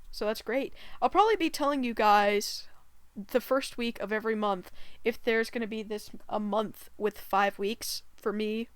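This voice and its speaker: Giggly, high, smooth-voiced woman vlogger. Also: no room sound. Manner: giggly, rambling, many fillers. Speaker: gaming channel host. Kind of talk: casual storytime vlog.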